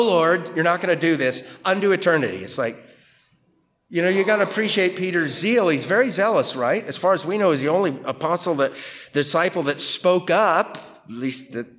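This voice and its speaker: Brief: male pastor teaching scripture, chatty and animated, slightly high voice. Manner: conversational, animated quoting of Peter and Jesus. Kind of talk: expository sermon.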